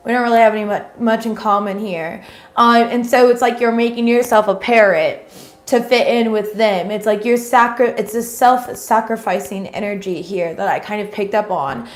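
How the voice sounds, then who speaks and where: A woman's voice: mid-range voice, normal speed. A woman giving a casual livestream tarot reading, rambling and swearing freely with many ums. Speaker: tarot reader. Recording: roomy echo.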